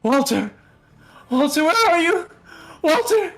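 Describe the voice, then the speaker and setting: A man voicing a frantic mother who shouts desperately for her missing baby, in a tabletop game. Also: very high-pitched, big pitch swings, slow, faint music behind, voice pushed up, exaggerated voice.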